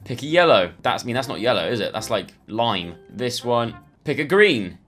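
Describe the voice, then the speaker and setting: A man's voice: mid-range voice, very animated, normal speed, a bit bright. Young guy rambling through quizzes, jokey and self-mocking, faint guitar music underneath. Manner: chatty, self-mocking, thinks aloud. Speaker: YouTuber. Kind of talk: casual commentary playing online quizzes.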